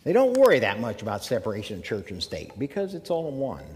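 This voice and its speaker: A man's voice: medium pitch, huge pitch swings, darkish tone. Man lecturing in an echoing hall. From American South. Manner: measured, emphatic phrasing with pauses. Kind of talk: academic lecture.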